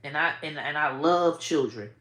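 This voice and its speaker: Speaking at a moderate pace with a roomy sound, this woman vlogs casually to the camera, cursing bluntly and peppering her talk with "bro" and "y'all." Her volume rises and drops as her emotions run high.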